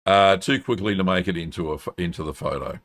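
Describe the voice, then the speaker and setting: A man's voice: low-pitched, a little fast. A middle-aged man, hosting a live stream and chatting casually with plenty of ums and uhs. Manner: relaxed, chatty, frequent ums and uhs, friendly "mate". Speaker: host answering cheese-making questions. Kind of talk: casual live-stream chat, reading viewer messages.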